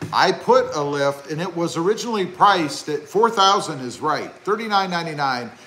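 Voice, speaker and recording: A middle-aged man hosting a live stream, chatting with viewers and reading their comments aloud in an excitable, chatty way. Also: a little high, normal speed, a little hiss or hum, poor audio. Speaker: YouTube car channel host.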